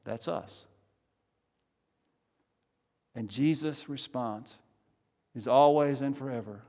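A man preaching a sermon as pastor, emphatic and swinging from soft to loud, leading his congregation in call-and-response. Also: medium pitch, slow pace, long pauses. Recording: long reverb of a large hall.

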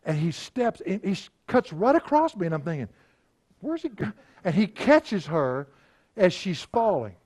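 A man's voice: sits high, very animated, moderate pace, a little mellow. A middle-aged man, a pastor, telling folksy anecdotes in a conversational sermon and chuckling now and then. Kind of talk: storytelling sermon.

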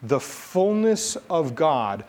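A middle-aged man preaching a sermon from the United States, talking in a relaxed, conversational way and telling a personal story with lively delivery. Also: takes it slowly. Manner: conversational, animated storytelling with rising pitch in quoted dialogue. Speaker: pastor.

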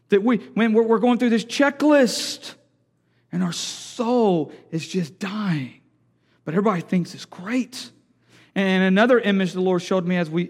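A male pastor preaching a sermon, moving from quiet, halting storytelling to loud, impassioned pleading. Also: high voice, in a large hall.

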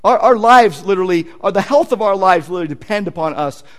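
A man's voice: high-pitched, expressive, quick pace. A male pastor preaching a sermon in a conversational, emphatic way, with casual asides to the congregation.

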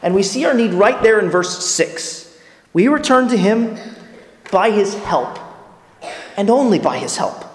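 A man's voice: high-pitched, animated, unhurried, long pauses, echoey room, in a large hall. A man preaching a sermon as pastor, earnest and emphatic, pressing his listeners with rhetorical questions.

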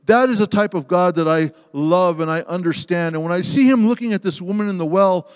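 Male preacher, high voice, impassioned sermon delivery, echoing sanctuary. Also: brisk, smooth. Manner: impassioned, swings from loud emphasis to hushed tenderness. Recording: long hall reverb.

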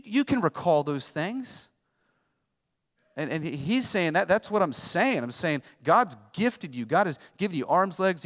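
A man preaching a sermon as pastor, emphatic, swinging between loud and hushed. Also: a little high. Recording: long hall reverb.

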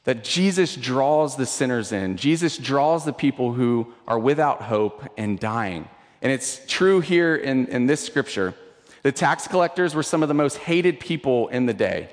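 A man in his thirties preaching a sermon as pastor, conversational, repeating words, moving between intense emphasis and hushed asides. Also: mid-range voice, animated, measured pace, big-room sound.

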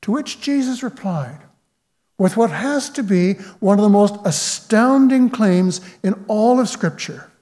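A man preaching a sermon in a measured, reflective way, quoting scripture as he goes. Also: sits high, expressive, warm tone, in a large hall. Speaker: pastor.

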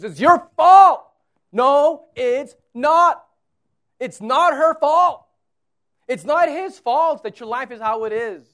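Pastor, man, 30s, high-pitched voice; casual sermon, quiet asides and loud repeated emphasis. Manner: conversational preaching, swings from quiet to loud emphatic repetition.

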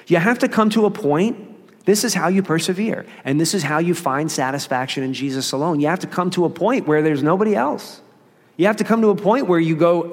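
A man's voice: fairly high pitch, big-room sound. A man preaching a sermon as pastor, earnest and conversational, with emphasis that rises and falls.

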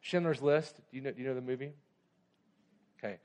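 A man's voice: mid-range voice, brisk, darkish tone. A man preaching a sermon as pastor, pressing his points with urgent emphasis and slipping into conversational storytelling.

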